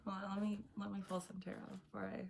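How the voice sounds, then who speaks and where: A woman's voice: mid-range voice, completely flat delivery, quick pace, creaky, a little hiss or hum. A woman doing a casual tarot reading, chatty and blunt, often laughing as she talks. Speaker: tarot reader.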